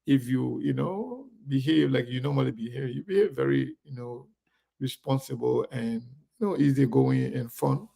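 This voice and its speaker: A man's voice: mid-range voice, normal speed. A man hosting an online live show, greeting viewers by name in a chatty way. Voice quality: gravelly. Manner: chatty, reads viewer names aloud warmly.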